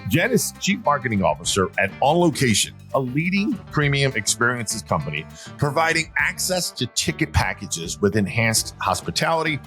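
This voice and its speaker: A man's voice: mid-range voice, big pitch swings, normal speed, sharp tone, faint music behind. A man from Philadelphia hosting a marketing podcast, reading an upbeat intro and then chatting with a guest in an emphatic, joking way. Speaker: podcast host. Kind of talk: scripted intro then casual interview.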